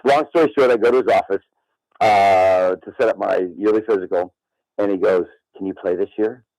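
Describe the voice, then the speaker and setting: A man's voice: low-pitched, brisk, darkish tone, no echo, rough recording. A man in his sixties telling a boastful story in casual radio chat, acting out both sides of the dialogue with animation. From Midland, Michigan. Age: 60s. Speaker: radio show guest.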